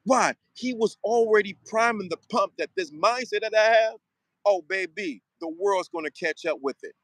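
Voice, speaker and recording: A man's voice: sits high, fairly quick, fairly bright tone, dry recording, low-quality recording. A man hosting a show, giving an emphatic motivational monologue full of slang and repeated phrases. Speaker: show host.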